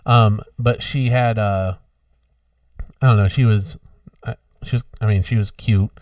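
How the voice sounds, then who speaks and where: A man's voice: on the low side, fairly even intonation, unhurried, darkish tone, no echo. A man co-hosting a podcast, telling a story in rambling casual chat with lots of fillers. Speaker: podcast co-host. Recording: dry, distant from mic.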